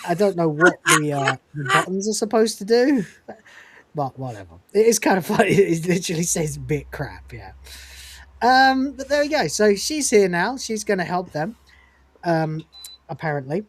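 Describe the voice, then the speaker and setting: A man's voice: high-pitched, big pitch swings, moderate pace. A man hosting a podcast who recaps a TV episode in casual chat, swearing freely and laughing as he retells scenes. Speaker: podcast host reviewing a TV episode.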